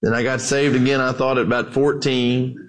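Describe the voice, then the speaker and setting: A middle-aged man preaching a sermon, telling stories and talking to his listeners as "guys" in a relaxed, conversational way. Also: mid-range voice, brisk. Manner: storytelling with acted quotes, conversational asides to "guys". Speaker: pastor.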